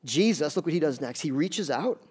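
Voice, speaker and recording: High-voiced male pastor preaching. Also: a little fast, breathy edge. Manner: conversational and animated, asks the congregation questions. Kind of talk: sermon. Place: church.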